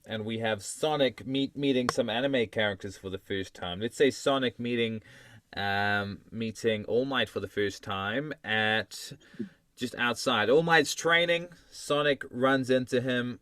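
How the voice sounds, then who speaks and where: A man's voice: mid-range voice, a bit bright, clean tone, dry recording, studio quality. A man hosting a podcast, asking questions in an upbeat, encouraging way. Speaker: podcast host. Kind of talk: casual interview chat.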